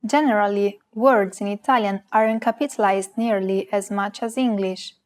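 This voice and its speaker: A woman co-hosting a language lesson, reading a script and saying example words slowly and carefully. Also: mid-range voice, fairly even intonation, darkish tone. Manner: slow, careful, precise pronunciation of example words.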